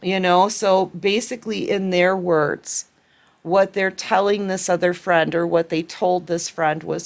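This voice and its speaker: A woman's voice: lowish voice, fairly even intonation, a little slow, vocal fry. Tarot reader woman, emotional delivery. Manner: emotional, acts out quoted pleas. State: tearful at times. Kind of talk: collective tarot reading.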